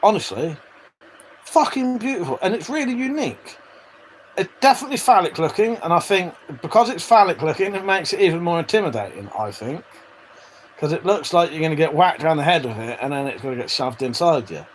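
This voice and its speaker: Male streamer, fairly high voice, loose and sweary, faint hiss behind. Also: expressive, fast talker, low-quality recording. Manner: chatty, swears freely, laughs often. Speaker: livestream host reading chat. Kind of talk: casual live-stream chat.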